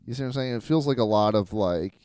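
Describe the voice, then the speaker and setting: Comic co-host, man, lowish voice, deadpan delivery, dry close mic. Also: quick pace, clear, resonant tone, dry recording. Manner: deadpan, absurd joking, swearing. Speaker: podcast co-host. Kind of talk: casual comedic chat.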